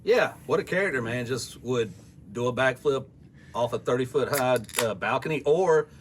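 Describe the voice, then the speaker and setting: A man's voice: medium pitch, lively intonation, moderate pace, slight background noise. A man hosting a casual chat, full of slang like "dude" and "man". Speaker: podcast host.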